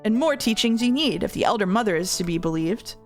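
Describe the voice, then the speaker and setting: A woman's voice: mid-range voice, animated, a little fast, darkish tone, soft background music, voice pushed up, close to an everyday voice. A woman streamer reading the lines of a blunt, scornful peasant gardener in a game. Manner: blunt, rustic speech.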